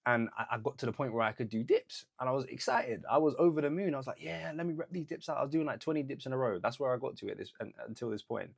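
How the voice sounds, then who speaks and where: A man's voice: medium pitch, animated, fast talker, creaky, hardly any pauses, husky. Young male vlogger, earnest and chatty, mid-range voice, acts out little quotes as he goes. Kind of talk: motivational talk to camera.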